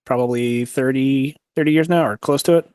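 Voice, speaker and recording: A man's voice: medium pitch, fairly quick, a little mellow, smooth, no room sound, clean studio sound. A man in his forties in casual podcast chat, teasing and asking playful questions. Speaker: podcast co-host.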